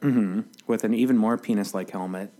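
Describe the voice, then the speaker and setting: Low-voiced man joking in casual chat. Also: dark tone. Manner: laughs often, quick jokes. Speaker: podcast co-host.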